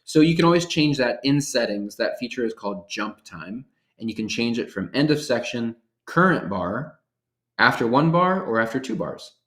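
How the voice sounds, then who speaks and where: A man's voice: medium pitch, expressive, moderate pace, fairly bright tone. Guy walking folks thru a tutorial, chill and upbeat, kinda echoey room, little music behind. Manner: upbeat and casual, explaining step by step. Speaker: workshop presenter. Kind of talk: software tutorial demonstration.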